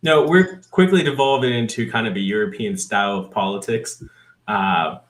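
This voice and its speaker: A man with a low voice appearing as a guest activist on a podcast. He answers in an easygoing, hesitant way, pausing on fillers as he thinks. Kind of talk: interview answers.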